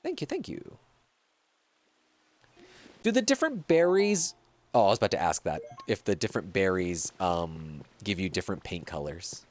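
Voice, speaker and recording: A man's voice: low voice, big pitch swings, soft background music. Chatty male game streamer. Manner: chatty, reacts to viewer messages, quick laughs. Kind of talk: casual gameplay livestream chat.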